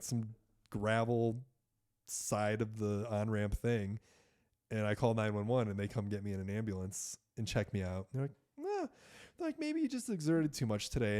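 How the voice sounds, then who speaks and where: A man who is a podcast guest, telling a story in a casual, animated way, full of fillers and swearing. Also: fairly low pitch.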